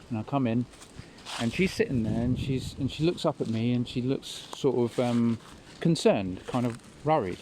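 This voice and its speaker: A young man tells a personal story and keeps pausing on fillers. His voice sits in a middle register. A faint outdoor hum runs behind him. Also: mid-range voice, a little mellow. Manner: rambling, hesitant, many fillers. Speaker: vlogger.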